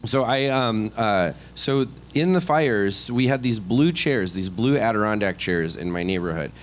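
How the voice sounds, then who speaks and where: A middle-aged man, a stand-up comedian, telling a story on a podcast in a casual, animated, self-deprecating way full of asides and restarts. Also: fairly low pitch, measured pace, a little hiss or hum. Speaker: comedian guest.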